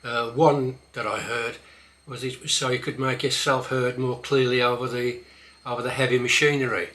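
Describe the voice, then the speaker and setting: An older man with a Black Country accent, teaching dialect words in a casual vlog and repeating them slowly to show how they sound. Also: medium pitch, little pitch movement, a bit bright.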